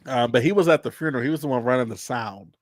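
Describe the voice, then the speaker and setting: A man's voice: mid-range voice, fast, no room sound, studio quality. A man hosting an unscripted livestream chat, rambling loosely and laughing often. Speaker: host.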